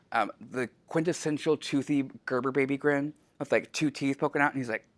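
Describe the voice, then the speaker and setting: A man's voice: mid-range voice, a bit bright. A man who works at a library, telling chatty, self-deprecating stories in a casual interview, with lots of filler ums and frequent laughter. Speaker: library staff member. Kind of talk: casual anecdotal interview answers.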